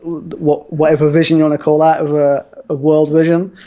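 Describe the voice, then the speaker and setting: A man's voice: fairly high pitch, level tone, normal speed, dark tone. A man guest on a podcast, chatting casually and rambling with lots of restarts. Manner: rambling, full of fillers and restarts. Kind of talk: casual chat. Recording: dull lo-fi sound.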